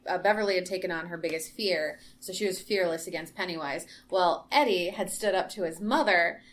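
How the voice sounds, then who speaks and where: A woman hosting a casual movie discussion podcast, enthusiastic and quick to laugh. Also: fairly low pitch. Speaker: podcast host.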